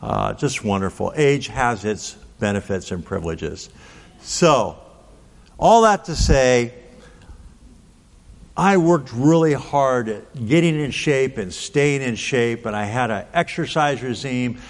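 A man's voice: mid-range voice, lively intonation, takes it slowly. Folksy sixty-year-old man preaching in a hall. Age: 60s. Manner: folksy, anecdotal, with many "right?" and "okay?" asides. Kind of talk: sermon storytelling. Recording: long reverb of a large hall.

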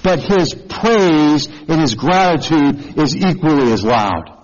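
A slow, measured male pastor preaching with an earnest tone and a slightly raised pitch. He often pauses to ask the congregation questions. His voice carries a long reverb and sounds dull, like a lo-fi recording made in a large hall. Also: expressive. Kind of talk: sermon.

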